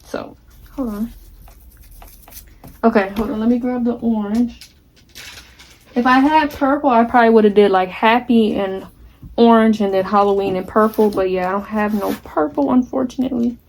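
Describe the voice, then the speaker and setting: Young woman in her 20s rambling to her viewers while she paints crafts, bit of a higher voice, calls everyone y'all. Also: normal speed, pauses often, darkish tone, a little hiss or hum. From United States. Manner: chatty and candid, addresses viewers as y'all. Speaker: vlogger. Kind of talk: casual vlog chat while crafting.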